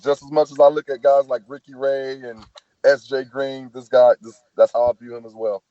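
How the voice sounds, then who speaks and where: A man's voice: medium pitch, fairly even intonation, moderate pace, no room sound, lo-fi sound. A man with a Southern US accent, a football player talking casually on a podcast and telling stories with lots of "man" and "you know". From American South. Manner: laid-back, storytelling, says "man" often.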